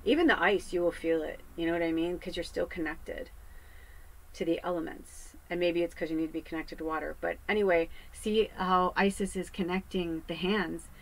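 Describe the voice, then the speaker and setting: A woman's voice: on the low side, steady tone, moderate pace, poor audio. Woman from the West Coast, psychic medium, chatty rambling delivery with casual swearing. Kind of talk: casual spiritual monologue. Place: home podcast set.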